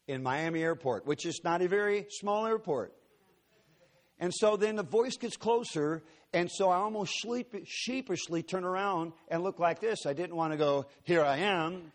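A man's voice: sits high, moderate pace. Joking, storytelling preacher man. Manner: folksy, joking asides to the congregation. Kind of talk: sermon with storytelling.

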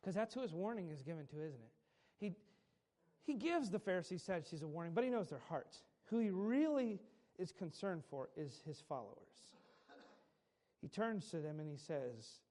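A man's voice: on the high side, animated, a little fast, mellow. A male preacher delivering a sermon with emphatic, repetitive phrasing and light chuckles.

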